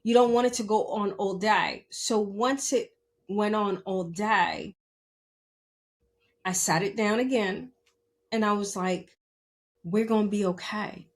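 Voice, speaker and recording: A woman's voice: medium pitch, takes it slowly, pauses often. A woman hosting a podcast, talking candidly and emphatically in a motivational monologue, often checking in with her listeners. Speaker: podcast host.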